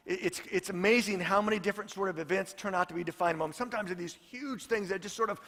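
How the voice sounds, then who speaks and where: A man's voice: high voice, quick pace, a bit bright, in a large hall. A man, a pastor, preaching a sermon in a storytelling way and repeating his points for emphasis.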